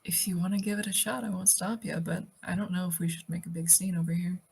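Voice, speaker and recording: A woman's voice: on the low side, steady tone, fast, vocal fry, darkish tone, husky. A woman playing in a tabletop game, speaking in a matter-of-fact, practical way. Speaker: player. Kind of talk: casual tabletop play.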